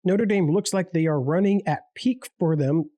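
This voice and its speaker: A man co-hosting a casual sports picks podcast, easygoing and halting, often repeating his words. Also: high voice, dark tone, dry recording. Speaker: podcast co-host.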